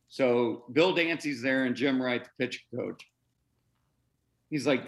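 A middle-aged man in an interview, a former baseball pitcher, tells his story with lively energy. He acts out the voices of the people in it and his pitch sits in an ordinary middle range. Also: unhurried. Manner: animated, acts out quoted voices, breaks into laughs.

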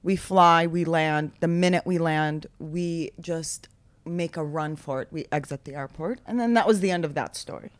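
A woman's voice: sits low, normal speed, dry recording. A woman in her thirties from the United States, telling a story in a casual chat, acting out the people in it and laughing often. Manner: animated, acts out voices in anecdotes, laughs often.

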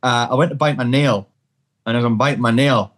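A man's voice: medium pitch, a little fast, a bit bright. A man in his thirties with a Geordie accent, a podcast guest telling stories in rambling casual chat, repeating words and swearing. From England.

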